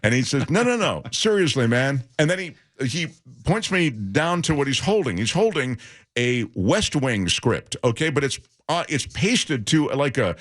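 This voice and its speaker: A man's voice: medium pitch, measured pace. A middle-aged man, a guest radio host, telling stories in casual chat and acting out the voices of the people he quotes. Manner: animated, acts out quoted voices.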